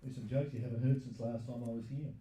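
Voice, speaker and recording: A man from New Zealand doing stand-up, firing off deadpan one-liners. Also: mid-range voice, fast, far from the mic, background noise. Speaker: stand-up comedian. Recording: echoey room.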